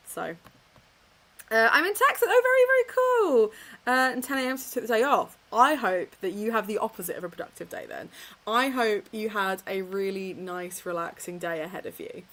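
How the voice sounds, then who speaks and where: A woman's voice: medium pitch, lively intonation, normal speed, sharp tone. A young woman, hosting a casual reading livestream from her home office, chatty and self-mocking with frequent laughs. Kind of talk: casual chat to live chat.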